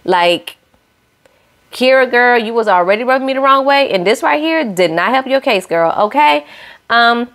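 A woman's voice: fairly high pitch, animated, moderate pace, fairly bright tone. A young woman hosting a casual reality-show recap, sassy and opinionated, scolding the cast directly.

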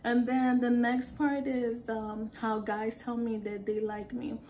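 Young woman chatting about call center stories, animated, laughs a lot, kinda high voice. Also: slow, a little hiss or hum. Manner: animated, acts out quotes, laughs often. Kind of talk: casual storytelling vlog.

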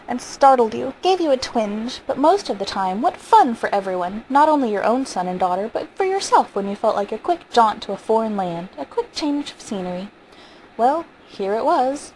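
A woman reading a short story aloud in a steady, vivid narrating manner. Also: medium pitch, slight background noise, rough recording. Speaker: audiobook reader.

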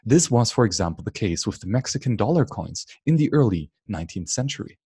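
A man's voice: lowish voice, lively intonation, brisk, dark tone, breathy edge, no room sound, studio quality. A man reading an economics book aloud, stumbling and restarting words now and then. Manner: unscripted reading with frequent slips and restarts. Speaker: audiobook reader.

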